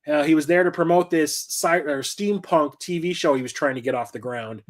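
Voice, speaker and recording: A middle-aged man with a voice a bit higher than most men's hosts a casual show-and-tell vlog. He rambles through his stories, trips over his words and corrects himself as he goes. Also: normal speed. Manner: rambling anecdotes, many fillers and self-corrections. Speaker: collector and channel host.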